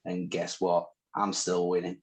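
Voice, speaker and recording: This co-host, a man from northern England with a northern accent, engages in casual, teasing podcast banter. His low voice is monotone and a little slow. The recording is rough.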